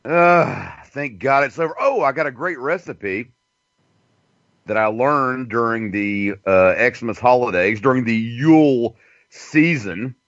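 A man's voice: mid-range voice, animated, slow, fairly bright tone, no echo. A man hosting a talk radio show, rambling and crude, with a joking manner. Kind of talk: casual talk radio monologue. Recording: dull dry lo-fi sound.

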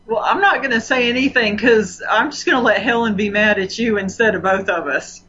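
Female co-host, bright, teasing, laughs along. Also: fairly high pitch, a little fast, highs cut off. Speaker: radio co-host. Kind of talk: casual on-air banter.

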